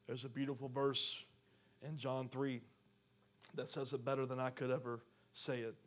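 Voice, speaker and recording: A man's voice: medium pitch, level tone, normal speed. A man preaching a sermon, reading scripture aloud and then pressing his point with rising intensity. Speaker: pastor.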